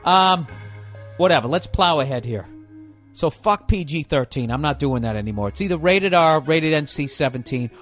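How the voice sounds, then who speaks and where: Casting: male comic, voice a touch high, swearing constantly, sarcastic rant with faint music underneath. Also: animated, normal speed, a bit bright. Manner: heavily profane, sarcastic ranting. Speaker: comedian podcaster. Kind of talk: comedic rant. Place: hot indoor room.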